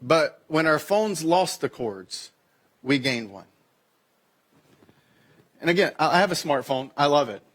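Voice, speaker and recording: Male pastor, 30s, slightly high voice; chatty sermon delivery that leaps up in pitch when acting out quoted dialogue. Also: animated, a little slow, long pauses. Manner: conversational, acts out quoted exchanges with sharp pitch jumps. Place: church sanctuary.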